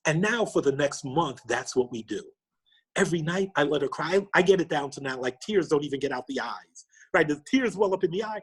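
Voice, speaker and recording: A middle-aged man from New York, a podcast guest, telling a personal story with lively quoted dialogue. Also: on the high side, moderate pace, breathy edge. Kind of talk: storytelling interview.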